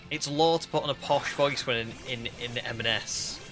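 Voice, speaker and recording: A man's voice: medium pitch, normal speed, bright, forceful tone, faint music behind. Chatty British man streaming. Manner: chatty, reads chat aloud, rambling with fillers. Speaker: game streamer. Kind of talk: casual live-stream chat.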